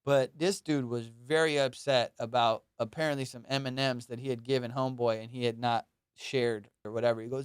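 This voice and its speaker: A man hosting a podcast, telling profane, rambling comic stories in a casual, animated way. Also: medium pitch, brisk, clean tone, no echo, clean studio sound. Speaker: comedian and podcast host. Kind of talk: casual comedic storytelling. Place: Los Angeles.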